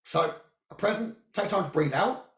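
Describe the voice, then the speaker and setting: Calm man giving spiritual guidance, roomy sound. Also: high voice, normal speed, gravelly, highs cut off. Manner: calm, soothing, instructive. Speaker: psychic medium.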